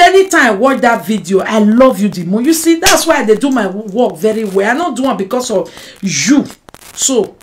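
A woman with a Nigerian Pidgin accent delivering an animated personal monologue to the camera. She is emphatic and keeps throwing in rhetorical "eh?" asides, swinging from loud outbursts to low muttering. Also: low-quality recording. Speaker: vlogger addressing a rival.

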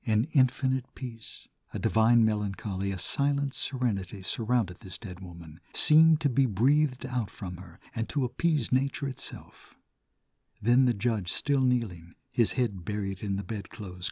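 Male narrator, somber and measured, mellow and a little husky, storybook reading. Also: lowish voice, no echo, clean studio sound. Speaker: audiobook narrator. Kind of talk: scripted narration of a classic short story.

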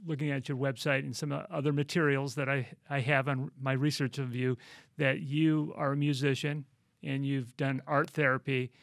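A man hosting an interview, asking long, halting questions full of restarts. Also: medium pitch, vocal fry, fairly bright tone, no room sound, clean studio sound. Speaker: interview host.

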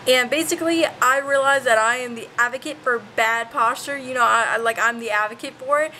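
A woman's voice: on the high side, bright, forceful tone, slight background noise, low-quality recording. A woman vlogging casually at home, rambling and poking fun at herself. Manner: rambling, self-mocking, quick. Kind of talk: casual vlog chat to camera. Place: home, indoors.

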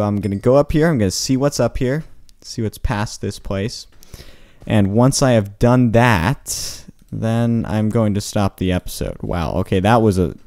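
A man playing a video game and commenting casually, rambling to himself with excitable outbursts. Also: lowish voice, no room sound, clean studio sound. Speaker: gaming channel host. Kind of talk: casual let's play commentary.

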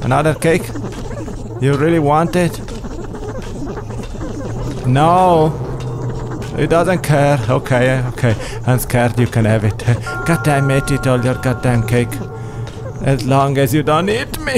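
A man's voice: a little high, measured pace, music in the background. A man commenting on a horror game as he plays, with jumpy exclamations and frequent swearing. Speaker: game player. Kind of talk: let's play commentary.

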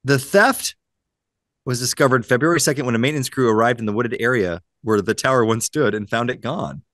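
A man hosting a podcast, reading news items and telling stories in a casual, animated way with frequent laughter. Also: mid-range voice, fairly quick, no echo, studio quality. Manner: animated storyteller, laughs often. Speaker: podcast host.

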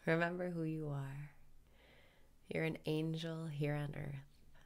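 A woman guiding a mock meditation in a low, unhurried voice, gravelly with vocal fry. She speaks softly and calmly and often slips into a whisper. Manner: soft, slow, calm, drifting into whispers. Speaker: meditation guide. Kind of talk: guided meditation parody.

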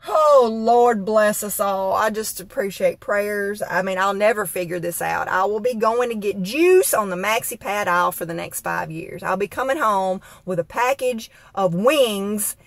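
A woman's voice: medium pitch, moderate pace, gravelly, hardly any pauses, dry recording. Exasperated woman, comic rant. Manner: exasperated, dramatic storytelling with Southern expressions. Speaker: comedic vlogger.

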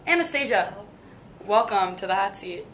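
A young woman hosting a college sports webcast, asking questions with joking, quick comebacks. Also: mid-range voice, expressive, a bit bright, slight background noise. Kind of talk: playful host interview.

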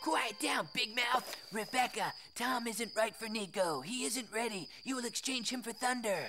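A woman's voice: on the high side, moderate pace, over music, natural voice. A woman voicing a mean, scheming cartoon bully kid who bosses others around and hurls insults.

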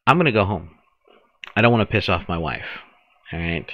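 A man's voice: deep voice, lively intonation, brisk, dry recording, muffled recording. A man casually commenting on his gameplay, thinking aloud with restarts and jokes. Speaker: gameplay streamer.

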